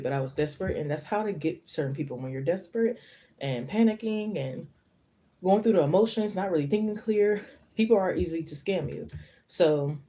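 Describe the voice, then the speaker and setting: A woman's voice: deep voice, warm tone. A young woman hosting a tarot live stream, chatting casually and rambling through stories with lots of fillers.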